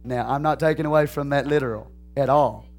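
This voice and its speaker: A male pastor preaching a sermon, dropping to hushed asides and rising to shouted, repetitive call-and-response lines. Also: medium pitch, brisk. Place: church sanctuary.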